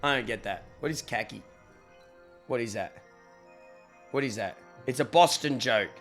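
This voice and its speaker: A man's voice: mid-range voice, moderate pace, fairly bright tone. An Australian man talks casually on a live stream in a mid-range voice. He rambles, swears a little and keeps thanking his chat, with faint music underneath. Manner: loose and chatty, swears, thanks viewers for subs.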